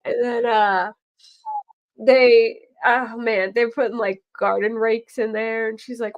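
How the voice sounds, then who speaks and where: Chatty woman host, animated storytelling. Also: fairly high pitch, a little slow. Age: middle-aged. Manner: animated storyteller, acts out quoted voices. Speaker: true crime podcast host. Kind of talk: casual chat.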